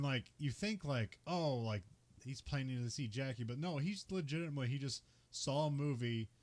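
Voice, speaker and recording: A young man hosting a podcast, casually recapping a film with lots of filler words and laughs. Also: lowish voice. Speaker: podcast host. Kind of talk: casual movie recap chat.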